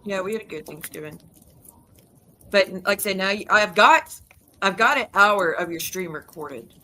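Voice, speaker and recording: A woman YouTube creator rants heatedly at her viewers, swearing, restarting rapidly, and cutting herself off mid-sentence. Her voice is medium-pitched with lively intonation and a sharp tone.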